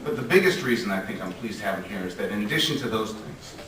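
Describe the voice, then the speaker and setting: A man's voice: lowish voice, animated, quick pace, fairly bright tone. A man giving a formal, hesitant introduction of a guest speaker. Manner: hesitant, with many fillers. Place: lecture hall. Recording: echoey hall from far off, background noise.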